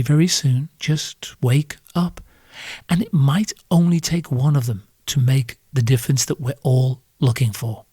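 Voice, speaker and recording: A man's voice: medium pitch, warm tone, breathy edge, no room sound, studio quality. A British man hosting a solo podcast, ranting in a sardonic, crude and profane way. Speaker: podcast host.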